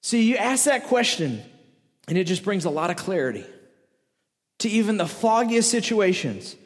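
A man preaching a sermon, hammering home repeated rhetorical questions in a lively, emphatic way. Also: high voice, moderate pace. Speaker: pastor. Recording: echoey hall with long reverb.

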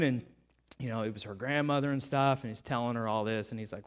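A man's voice: a little high, big pitch swings, normal speed. A man, a pastor, preaching a sermon in a conversational storytelling manner with playful sarcasm.

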